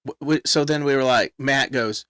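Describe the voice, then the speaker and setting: A man telling a long story in casual chat, loud and animated, belting out quoted songs. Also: mid-range voice, moderate pace, clean tone, no echo, studio quality.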